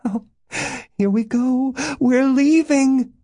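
A man voicing an eager, breathless young wife who pleads in a high voice. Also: takes it slowly, dark tone, no echo.

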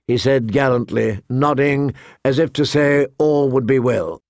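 A man narrating a fantasy novel as an audiobook, in a measured storytelling manner. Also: medium pitch, creaky, a little mellow, no room sound, studio quality. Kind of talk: scripted narration.

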